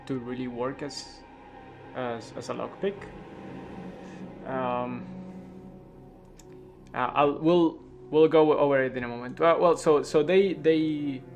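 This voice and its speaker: A man narrating a tabletop game as game master, with frequent pauses and restarts. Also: medium pitch, dull audio, music in the background. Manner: halting, full of fillers and restarts.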